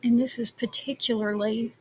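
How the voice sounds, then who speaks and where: A woman's voice: on the high side, moderate pace, slight background noise. A woman commenting on a trial and reading phone call transcripts aloud, with a hesitant manner and many ums. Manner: reads call transcripts in a flat, even tone. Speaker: true crime commentator.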